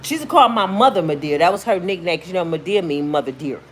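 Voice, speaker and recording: A woman's voice: lowish voice, quick pace, slight background noise. A woman vlogger telling a story in casual, emphatic commentary, slangy and blunt, acting out what people said. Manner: emphatic, animated, slangy, acts out quotes in shrieks.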